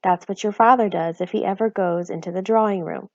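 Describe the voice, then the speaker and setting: A woman's voice: fairly even intonation, a little fast, no echo, highs cut off, lightly acted. A woman reading aloud and voicing an anxious, fussy tiny mother who talks in a worried, exclaiming way. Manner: worried and exclaiming, raised pitch. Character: anxious fussy tiny mother, middle-aged, sharp-tongued.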